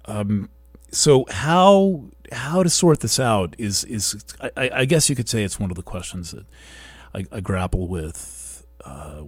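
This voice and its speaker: A man with a lowish voice speaks slowly and thoughtfully, pausing and restarting as he works through his ideas. He sounds like the host of a weekly talk show. The recording is close and dry, with no room echo. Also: big pitch swings, slightly rough. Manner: slow, thoughtful, halting with restarts. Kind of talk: reflective monologue.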